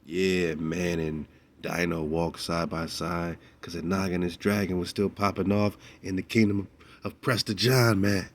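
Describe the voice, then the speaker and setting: A man's voice: sits low, level tone, measured pace. A man hosting a radio show, reacting to a documentary clip in casual commentary with frequent laughs and slangy asides.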